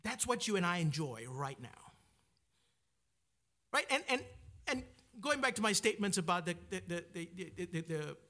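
A man's voice: sits high, lively intonation, normal speed, pauses often, bright, forceful tone. A man preaching a sermon, often asking his listeners "right?" and repeating words as he searches for the next phrase.

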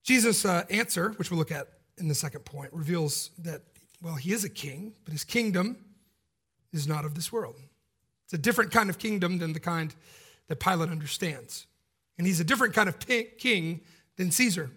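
A man's voice: sits high, expressive, moderate pace, bright, forceful tone, breathy edge. A man preaching a sermon in a casual, joking, conversational way.

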